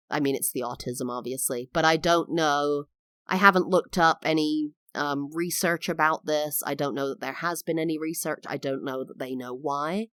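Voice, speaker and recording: Woman, 30s, podcast host; low voice, dry close sound, open confessional delivery. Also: a bit bright, no room sound. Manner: candid and reflective, with emphatic swells. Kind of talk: personal storytelling monologue.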